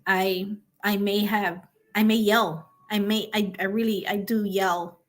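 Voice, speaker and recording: A woman's voice: mid-range voice, fairly even intonation, unhurried. A woman hosting a motivational talk, emphatic and repetitive, often checking in with "right?". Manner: emphatic, repeats points with frequent "right?". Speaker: host.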